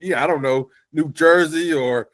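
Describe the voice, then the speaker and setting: A man's voice: a little high, a bit bright. A man hosting an interview show who talks with enthusiasm and stumbles over his words as he praises his guest's comic. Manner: enthusiastic, halting with restarts. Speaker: podcast host. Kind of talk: casual interview chat.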